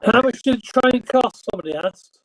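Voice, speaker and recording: A man's voice: very high voice, animated, brisk, fairly bright tone, dry recording, poor audio. A man co-hosting a casual fan podcast, chipping in and reading out viewers' comments. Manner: chipping in, reads comments aloud. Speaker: podcast co-host. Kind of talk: casual chat.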